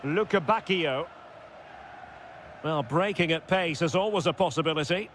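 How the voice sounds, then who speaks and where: Brief: male actor as a video game football caller, high-pitched and excitable, snapping out names and spiking on chances. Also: moderate pace, slight background noise, close to an everyday voice. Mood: lively. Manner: short calls that rise sharply at chances and goals. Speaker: play-by-play football commentator. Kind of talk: video game match commentary.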